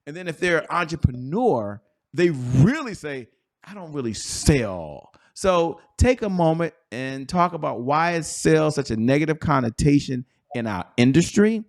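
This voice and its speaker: A man hosting a business talk show, energetic and playful, stretching words for emphasis. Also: on the high side. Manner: hyped, playful, drawn-out emphasis. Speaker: show host.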